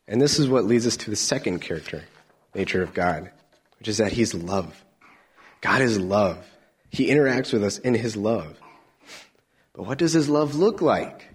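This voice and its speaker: A man preaching a sermon, animated, swinging from loud emphatic lines to soft near-whispers. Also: fairly low pitch, breathy edge.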